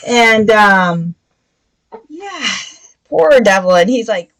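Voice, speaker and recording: A woman's voice: a little high, very animated, extremely slow, fairly bright tone, poor audio. A woman hosting a casual book review podcast, retelling the plot in a rambling way with many fillers.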